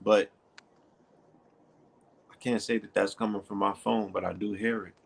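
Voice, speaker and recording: A male co-host with a gravelly, husky voice who talks in a relaxed, conversational way. He keeps checking in with whoever he is talking to. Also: on the low side, measured pace. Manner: laid-back, conversational, checks in with the listener. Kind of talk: casual chat.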